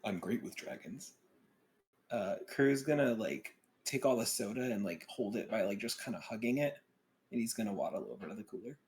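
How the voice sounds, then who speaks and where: A man playing a tabletop game, calmly describing his character's actions in the third person. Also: lowish voice, a little fast, a little hiss or hum. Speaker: player.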